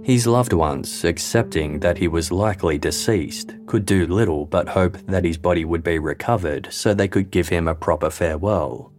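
A man giving scripted true-crime narration in a measured, even documentary delivery. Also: sits low. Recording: faint music bed underneath.

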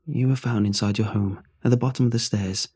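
A man voicing a brisk, chirpy woman nurse in a horror story reading. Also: mid-range voice, fairly even intonation, mellow, husky, no room sound, clean studio sound, close to an everyday voice. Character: cheerful bustling woman nurse.

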